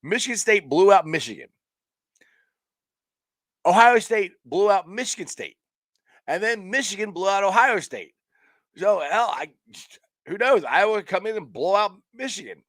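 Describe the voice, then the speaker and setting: Excitable man chatting about football. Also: high-pitched, normal speed, pauses often, no echo, clean studio sound. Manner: rambling and excitable, frequent restarts and laughs. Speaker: sports talk show host. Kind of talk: casual live-stream sports chat.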